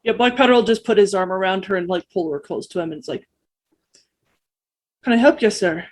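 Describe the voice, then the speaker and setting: A man playing his character in a tabletop role-play game, calm and protective in tone. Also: high voice, a little fast. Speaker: player.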